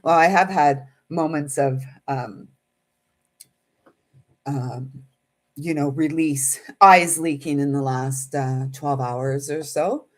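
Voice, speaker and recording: A woman giving a slow, rhyming spiritual message, emotional and close to tears, laughing at herself between lines. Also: low voice. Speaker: intuitive reader.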